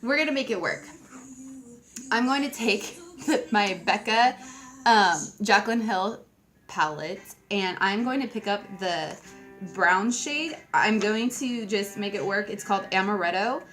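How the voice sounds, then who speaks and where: Young woman, beauty vlogger, casual tutorial chat, self-mocking, clear background music. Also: mid-range voice, measured pace, fairly bright tone, low-quality recording. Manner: chatty, giggly, self-mocking asides. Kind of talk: casual makeup tutorial talk.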